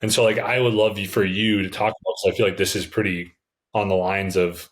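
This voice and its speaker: A man hosting a podcast, talking in a relaxed, enthusiastic way with lots of casual fillers. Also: lowish voice, brisk. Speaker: podcast host.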